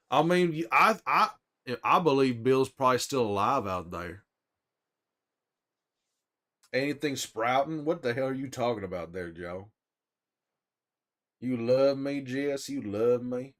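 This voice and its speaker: A man's voice: mid-range voice, fairly bright tone, lightly acted. A man playing a weary middle-aged male survivor in character on a livestream, with a put-on drawl and a folksy, chatty way of talking to viewers. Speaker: streamer in character.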